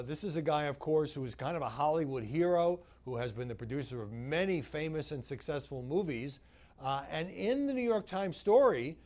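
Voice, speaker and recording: A man giving news commentary in a measured, analytical way, pausing on frequent "uh" fillers as he lays out his points. His voice sits a little higher than most men's. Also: a little mellow. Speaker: media commentator.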